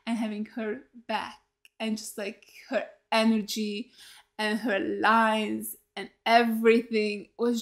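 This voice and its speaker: A woman's voice: fairly high pitch, creaky. A woman giving a casual, emotional reaction to a TV episode, rambling and cutting herself off mid-thought. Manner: rambling, emotional, self-interrupting. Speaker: TV reaction host.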